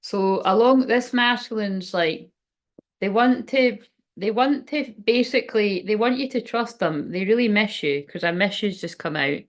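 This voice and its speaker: A woman in the middle of a tarot reading, talking her thoughts through as they come. Her voice sits at an ordinary middle pitch, and she wanders between ideas, backtracks, and drops a casual swear word here and there. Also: measured pace. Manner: rambling, thinking aloud, swears casually. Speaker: tarot card reader.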